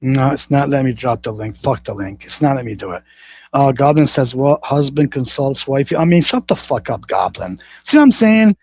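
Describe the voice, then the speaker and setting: A man's voice: medium pitch, very animated, a little fast, vocal fry, darkish tone, husky. A man hosting a livestream, ranting in a combative, repetitive way and swearing often. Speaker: livestream host. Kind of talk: solo livestream rant.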